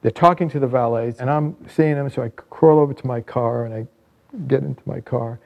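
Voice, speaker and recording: A man in his sixties, an author and founder, telling a lively personal anecdote in a book trailer. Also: medium pitch, a little fast, creaky. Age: 60s. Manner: lively, vivid anecdote telling with bursts of excitement. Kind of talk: storytelling narration in a book trailer.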